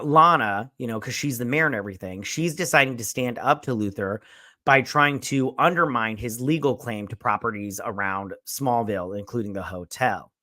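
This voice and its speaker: A male reviewer talks through an episode with gushing enthusiasm, rambling and cursing casually. His voice is bright and forceful, and the sound is close and dry. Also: medium pitch, no echo. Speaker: show host and reviewer.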